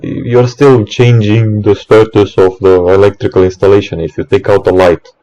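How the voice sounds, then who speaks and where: Man, low-pitched, mellow dark tone, exasperated rant, swearing, stammering restarts. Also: little pitch movement, normal speed, dull audio. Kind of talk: ranting monologue.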